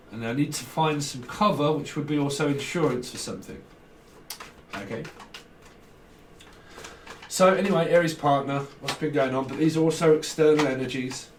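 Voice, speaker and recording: A man giving a casual tarot reading, rambling and joking with chuckles between thoughts. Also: on the high side. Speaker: tarot reader. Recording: roomy echo, distant from mic, faint noise.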